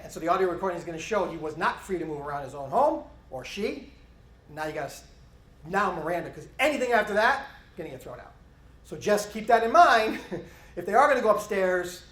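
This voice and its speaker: A middle-aged man gives a conference talk to police officers at a quick clip. He is animated and acts out snippets of interview dialogue. His voice rings around a roomy hall. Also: high-pitched. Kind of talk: conference presentation.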